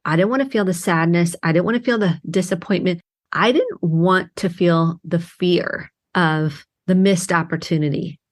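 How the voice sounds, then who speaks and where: Middle-aged woman, therapist host, solo podcast talk, slightly low voice, earnest and heartfelt. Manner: earnest, heartfelt, emphatic in bursts. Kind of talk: reflective solo podcast monologue.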